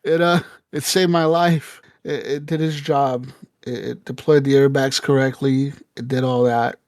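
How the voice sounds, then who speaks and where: A man's voice: mid-range voice, flat delivery, unhurried, a little mellow, no echo, clean studio sound. A man co-hosting a podcast, telling a story casually with lots of swearing and laughter, acting out quotes. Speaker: podcast co-host.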